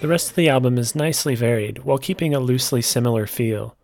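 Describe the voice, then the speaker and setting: Gravelly-voiced man reading a review. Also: medium pitch, fast talker, over loud music. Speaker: music reviewer. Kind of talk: scripted album review narration.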